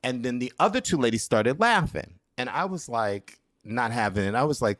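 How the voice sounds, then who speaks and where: A man telling a story in a casual interview, animated and campy, acting out quotes with big jumps in his voice. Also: medium pitch, moderate pace. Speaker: interview guest.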